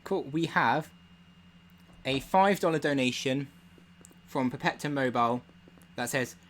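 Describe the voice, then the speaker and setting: A man's voice: mid-range voice, a little slow, a little hiss or hum. A young man doing casual commentary while speedrunning a game live, chatty and rambling. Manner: relaxed, chatty, rambling with fillers.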